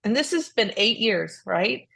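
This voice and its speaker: A woman's voice: mid-range voice, animated, unhurried, creaky, fairly bright tone, slightly rough. A woman tells a heartfelt story on a ministry podcast. She talks earnestly and restarts her sentences often, in an everyday mid-range voice. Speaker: podcast co-host. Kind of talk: casual faith podcast chat.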